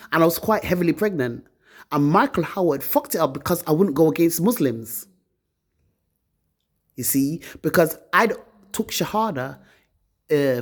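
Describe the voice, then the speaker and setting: Husky woman in a bitter rant. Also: sits low. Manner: bitter, accusing, swearing. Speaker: vlogger. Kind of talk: angry personal rant to camera. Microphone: phone.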